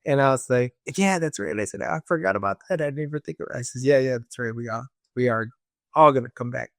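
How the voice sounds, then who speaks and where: Gravelly man telling a story. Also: mid-range voice, fast talker, no echo, studio quality. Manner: recounts dialogue, acting out voices of others; casual, with many fillers like "this and that". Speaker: guest. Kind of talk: storytelling in conversation.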